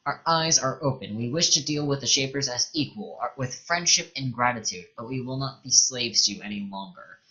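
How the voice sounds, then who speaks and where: A man's voice: medium pitch, animated, brisk, hardly any pauses, sharp tone, muffled recording. A man reading a proud, wary tribal leader. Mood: guarded. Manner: reads the lines aloud in his own plain voice.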